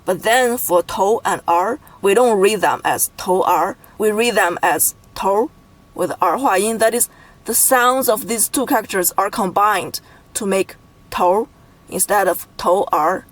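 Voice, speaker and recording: Woman from Beijing, Mandarin teacher; measured explanatory lesson delivery, slow and deliberate on examples. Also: mid-range voice, rough recording.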